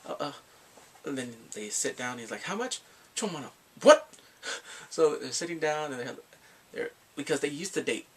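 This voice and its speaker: A man giving a casual, animated recap of a drama, acting out the characters' lines in sudden squeals. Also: mid-range voice, normal speed, breathy edge. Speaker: drama reviewer.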